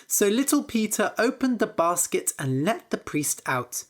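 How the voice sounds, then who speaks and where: A woman narrating a simple story for English learners, clear and deliberate. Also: mid-range voice, big pitch swings. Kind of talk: slow scripted story narration.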